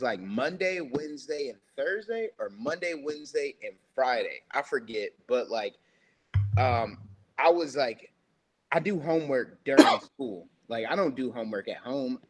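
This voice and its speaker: A man's voice: medium pitch, animated, unhurried. A young man telling a loose, rambling story as a podcast guest, full of filler words. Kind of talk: casual storytelling.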